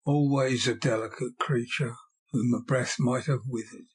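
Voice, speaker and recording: A man voicing a solemn male ghost who speaks in a hushed, grave way. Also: mid-range voice, fairly even intonation, a little slow, slightly rough.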